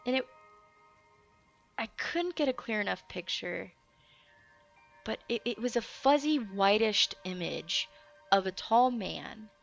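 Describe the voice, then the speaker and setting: A young woman hosting and telling a story in a casual, animated way, laughing often and swearing freely. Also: medium pitch, takes it slowly, creaky, long pauses. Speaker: host. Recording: dull lo-fi recording with faint music.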